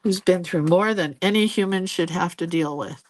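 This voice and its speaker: A woman's voice: on the low side, moderate pace, slight background noise. A woman in her sixties hosting a live drawing stream, chatting casually as she paints. She laughs often and jumps between stories and viewer comments.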